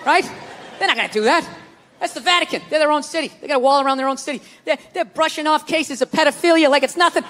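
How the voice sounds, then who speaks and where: This is a live club stand-up set drowned in crowd noise and laughter. A man with a very high voice rants at a quick pace, profane and exasperated, with mocking asides.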